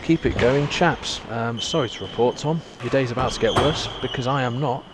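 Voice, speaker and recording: A man with a mid-range voice offers chatty, joking live commentary on a tennis match at a moderate pace, reacting to the play. Loud background noise from the live venue is audible throughout.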